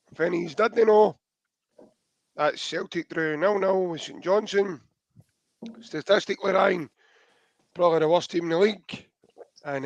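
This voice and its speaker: A Scottish man hosting a podcast in casual football chat, his voice hoarse and a bit rough. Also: a little high, no echo, muffled recording. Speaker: podcast host.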